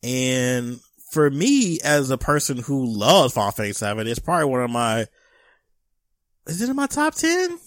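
A man co-hosting a casual gaming podcast, animated and teasing. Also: medium pitch, normal speed, no room sound, studio quality. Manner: animated, teasing, laughs often. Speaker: podcast co-host.

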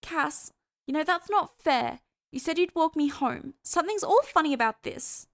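Woman voicing a shrill, clingy young woman. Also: animated, normal speed. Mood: pleading. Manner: high, loud and pleading.

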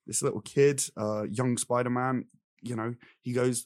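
A young man running through his notes in an exasperated, animated rant. His quoted character voices are mocking. The sound is dry and close. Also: medium pitch, a little slow, no echo. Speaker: film review podcast co-host. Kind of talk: casual chat.

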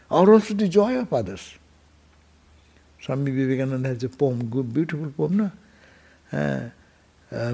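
Male monk, sermon delivery, gravelly low-key timbre, swings between impassioned lifts and hushed falls. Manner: storytelling with sudden emotional rises and hushed drops. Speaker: monk giving a Sunday temple talk. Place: temple hall.

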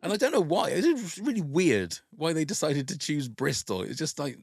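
A man's voice: on the high side, sing-song, normal speed, breathy edge, dry recording, studio quality. A man hosting a casual podcast chat, talking in a rambling, chatty way that often breaks off mid-thought. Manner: rambling, self-interrupting, chatty. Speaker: podcast host.

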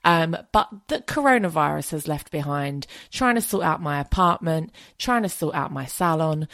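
A woman's voice: low voice, lively intonation, normal speed, creaky, few pauses, fairly bright tone, no echo, clean studio sound. A woman hosting her own podcast in a casual solo chat, frank and chatty, swearing freely. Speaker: podcast host.

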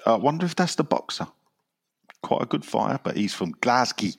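A man's voice: mid-range voice, lively intonation, a little fast, vocal fry, husky. A man hosting a casual football podcast, reading out listener messages in a dry, wry way and laughing at his own jokes.

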